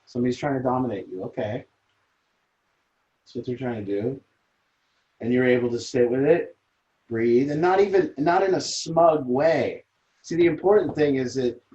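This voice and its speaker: A man's voice: medium pitch, dark tone, lo-fi sound. A man leading a recovery support group, talking earnestly and emphatically, often repeating phrases as he explains. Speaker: group leader.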